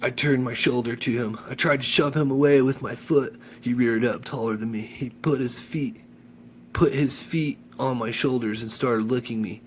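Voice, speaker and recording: A man's voice: mid-range voice, steady tone, normal speed, a little hiss or hum. Enthusiastic man reading a story aloud. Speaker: audiobook reader. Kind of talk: reading a children's novel aloud.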